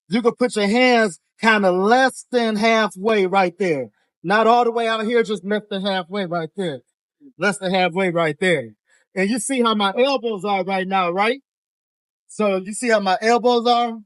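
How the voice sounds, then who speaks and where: A young fitness coach talks through exercise form on a gym floor, his voice sitting high for a man. The sound is dry and close, with almost no room echo. He keeps it loose and slangy, tossing in tag questions as he demonstrates. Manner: laid-back, slangy, peppered with tag questions. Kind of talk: casual workout instruction.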